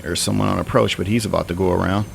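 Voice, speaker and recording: Gravelly-voiced man muttering through a stream. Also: low-pitched, fairly even intonation, quick pace, slight background noise. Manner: rambling, thinking aloud, mutters to himself. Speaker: flight sim streamer. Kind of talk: casual live-stream commentary.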